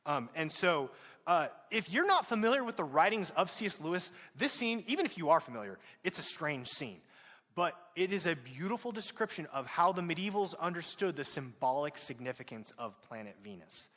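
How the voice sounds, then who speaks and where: A man's voice: a little high, bright, forceful tone, in a large hall. Man narrating a story to his class. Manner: explains plot to students with fillers and asides. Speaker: teacher.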